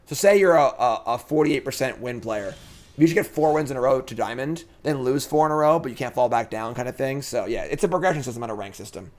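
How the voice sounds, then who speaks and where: A man talks through his moves as he streams a card game, casual and chatty, stopping now and then to answer viewers. His voice sits at an ordinary middle pitch. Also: expressive, fast talker, a little mellow. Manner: chatty, thinks aloud, reads chat and answers it. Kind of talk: casual live-stream commentary.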